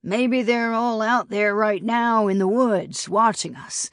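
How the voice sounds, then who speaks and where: A woman's voice: on the high side, sing-song, takes it slowly, dry recording, clean studio sound, voice pushed up, heavily acted. A woman doing a cackling, mocking frontier gunman. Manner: taunting, cackling. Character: cackling rough older male gunman.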